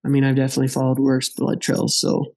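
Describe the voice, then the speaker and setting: A man telling a hunting story in casual chat, animated, laughing and acting out the dialogue of the people in it. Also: medium pitch, quick pace, vocal fry. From Wyoming. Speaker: podcast guest.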